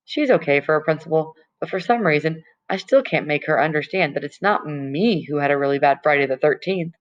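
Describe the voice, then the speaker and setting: A woman's voice: sits low, fairly quick. A woman reading a novel aloud in plain first-person storytelling, stumbling now and then. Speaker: audiobook reader. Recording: dull lo-fi recording.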